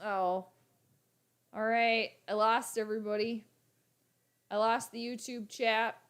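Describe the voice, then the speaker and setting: A woman hosting a casual sports livestream, talking chattily to her viewers in an animated way. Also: a little high, slow pace, clean tone. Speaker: sports channel host.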